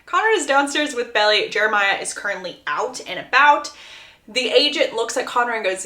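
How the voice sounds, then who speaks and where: A woman casually recapping a book plot, chatty and expressive with amused asides. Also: fairly high pitch, brisk. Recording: roomy echo.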